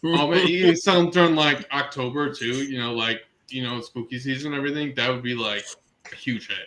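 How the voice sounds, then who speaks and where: A man co-hosting a podcast in casual chat, excitable and laughing often, with lots of fillers. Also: medium pitch, fairly quick, a little hiss or hum, poor audio. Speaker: podcast co-host.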